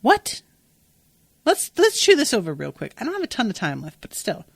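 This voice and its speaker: Woman podcast host, casual book recap; animated, exasperated, profane; dry, close mic. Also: medium pitch, moderate pace, creaky, breathy edge, no echo. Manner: animated, exasperated, swears freely.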